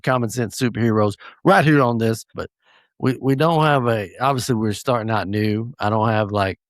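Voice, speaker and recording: A man's voice: lowish voice, no echo, clean studio sound. A man hosting a solo podcast, chatting casually and joking with rambling asides. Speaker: podcast host.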